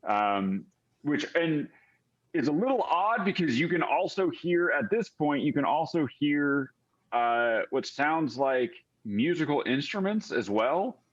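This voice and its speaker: A man's voice: a little high, very animated, unhurried. A man narrating a tabletop game as game master, rambling with many fillers. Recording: slightly dull lo-fi audio.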